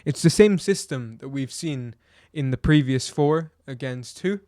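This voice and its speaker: A man's voice: mid-range voice, lively intonation, measured pace, warm tone, dry recording, clean studio sound. A man giving a blunt, exasperated football match review, ranting and firing off rhetorical questions. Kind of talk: opinionated match review vlog.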